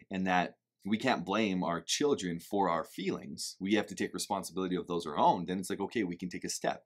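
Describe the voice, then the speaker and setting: A man with a low, slightly husky voice, talking to camera about parenting in a loose, reflective way. He is candid and animated, swings into loud emphatic bursts, and drops the odd swear word. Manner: occasional swearing. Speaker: parenting vlogger. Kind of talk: casual reflective talk to camera.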